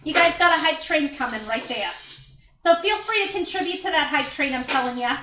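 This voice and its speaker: Bright-voiced woman streaming from her kitchen. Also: sits high, expressive, brisk, recorded from a distance, a little hiss or hum. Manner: chatty, thanks viewers by name, self-deprecating asides. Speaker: livestreamer and mother. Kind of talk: casual livestream chat while cooking. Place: home kitchen. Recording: echoey room, voice a bit off-mic.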